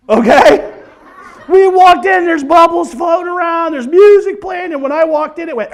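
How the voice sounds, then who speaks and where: Man, 40s, stand-up comedy, very high voice, lively sweeping pitch, animated storyteller. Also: a little slow. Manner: animated storyteller, breaks into singing and screaming bits. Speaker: comedian telling stories. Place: church event hall.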